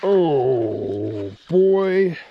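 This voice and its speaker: Excitable man hollering while fishing outdoors. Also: on the high side, very slow, creaky, lo-fi sound, background noise. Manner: excitable, hollers at the fish, swears casually. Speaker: fishing vlogger. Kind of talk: excited outdoor vlog commentary. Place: outdoors on a reservoir shore.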